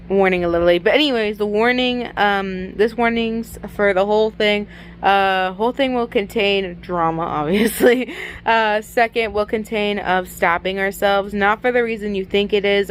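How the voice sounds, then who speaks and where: Young woman, casual fanfic reader, chatty and filler-heavy, home mic with light background noise. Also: mid-range voice. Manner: chatty, giggly, lots of fillers. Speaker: fanfic reader and channel host. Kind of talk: casual chat and reading a fanfic aloud.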